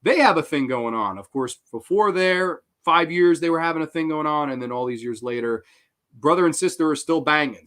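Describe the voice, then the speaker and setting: A man hosting a horror film review show, talking casually in an excitable, profane way. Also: a little high, normal speed.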